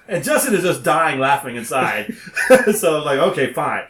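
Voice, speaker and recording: A man tells a story with lots of energy and acts out both sides of a phone call, sometimes rising to a shout. His voice sits a bit high and swings widely. The room around him sounds roomy and echoey. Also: expressive, normal speed. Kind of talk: animated storytelling.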